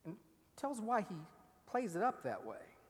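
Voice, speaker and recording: A man's voice: high-pitched, sing-song, unhurried. A man preaching a sermon, acting out quoted lines with rising force and dropping to a near-whisper for emphasis. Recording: long reverb of a large hall.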